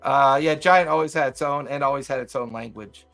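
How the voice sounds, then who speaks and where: A man co-hosting a casual podcast, reading game rules aloud in a relaxed way and laughing easily. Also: medium pitch, a little fast, vocal fry, faint music behind. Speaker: podcast co-host. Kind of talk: casual chat about tabletop games.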